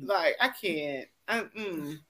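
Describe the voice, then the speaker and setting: A woman co-hosting a chat podcast, talking in a blunt, profane and animated way. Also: on the low side, slow pace. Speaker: podcast co-host. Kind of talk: casual chat.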